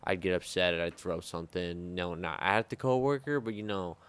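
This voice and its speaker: A man's voice: low-pitched, a little fast, fairly bright tone, clean tone. A man and former sous chef telling rambling, profane stories in a casual podcast chat. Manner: rambling, profane, heavy filler words.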